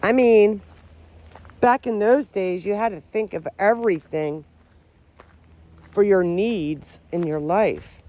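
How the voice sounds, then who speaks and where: Her mid-range voice is warm, slow, and marked by long pauses. Vlogging about the paranormal outdoors among trees, she talks to the camera in a loose, rambling way, often unsure of herself and full of restarted sentences.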